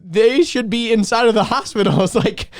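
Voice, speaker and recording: Rambling young man, smooth voice. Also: very high voice, moderate pace, no echo, studio quality. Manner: rambling, filler-heavy storytelling with many "like"s. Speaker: podcast co-host. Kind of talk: casual podcast chat.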